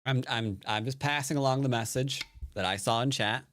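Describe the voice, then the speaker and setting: A Go player and teacher streams a game live, giving casual commentary as he plays: rambling, joking to himself with wry asides, and often trailing off into mutters. His voice is medium-pitched and a bit bright at a moderate pace, with no room sound.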